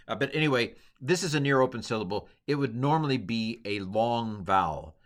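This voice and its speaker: In a casual classroom lecture, a man with a mid-range, expressive voice teaches a language lesson at a brisk clip. He rambles, corrects himself often, and tosses in small joking asides.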